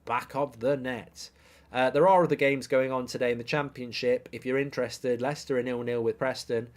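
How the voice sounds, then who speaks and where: The voice is a man, middle-aged, riffing on football for a live-stream audience. He is opinionated and jokey, with casual swearing, and his voice sits at a middling pitch. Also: fairly even intonation, a little fast. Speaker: football watchalong host. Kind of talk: live-stream football chat, reading viewer comments.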